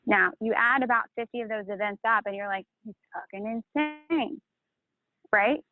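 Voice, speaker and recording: A woman's voice: mid-range voice, steady tone, a little fast, no room sound. A woman talking emotionally and casually, swearing and rambling about a painful breakup. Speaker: channel host. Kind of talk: emotional confessional chat. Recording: tinny phone-like line, dry.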